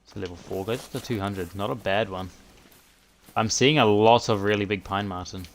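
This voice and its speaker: A man's voice: fairly low pitch, moderate pace, a little hiss or hum. A man streaming live, giving casual running commentary as he plays a hunting game, muttering and thinking aloud as he goes.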